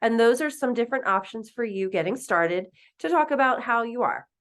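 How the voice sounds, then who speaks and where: A woman teaching a recorded French lesson, patiently explaining and repeating phrases slowly. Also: a little high, expressive.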